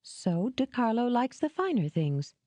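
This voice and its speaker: A woman's voice: a little high, big pitch swings, unhurried, mellow, no room sound, pitched above the performer's own voice. Woman voicing a bubbly, teasing young woman. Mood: playful. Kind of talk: audiobook character reading.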